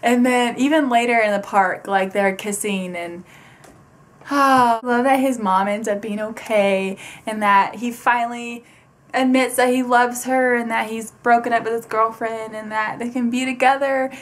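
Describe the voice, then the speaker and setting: A young woman reviewing a book in a casual vlog, gushing and rambling excitedly with lots of fillers. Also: on the high side, moderate pace.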